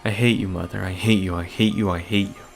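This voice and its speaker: A troubled young girl haunted by a curse, read aloud by a man in his own low, gravelly voice. The lines come in a plain reading tone with little put-on change, over faint game music. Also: steady tone, quick pace. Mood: frantic. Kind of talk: reading a visual novel aloud.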